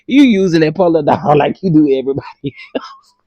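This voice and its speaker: A man's voice: on the high side, very animated, no room sound, highs cut off. Giggly man in casual commentary. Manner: laughing fits, drawn-out teasing, slangy. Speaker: commentary host.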